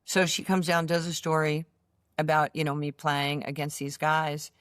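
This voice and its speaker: A woman in her sixties with a New York accent, telling animated stories as an interview guest and acting out the voices in them. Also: sits low, normal speed, clean tone, no echo, studio quality. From United States. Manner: animated storyteller, acts out voices in her anecdotes. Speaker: interview guest, former basketball player. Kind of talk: casual storytelling interview.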